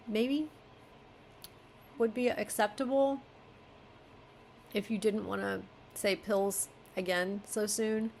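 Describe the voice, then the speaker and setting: A woman critiquing a fellow writer's chapter, reading passages aloud and thinking out loud as she second-guesses herself. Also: mid-range voice, fairly even intonation, slow pace, vocal fry, long pauses, a little hiss or hum. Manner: musing, self-questioning, flip-flops between options. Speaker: beta reader giving writing critique.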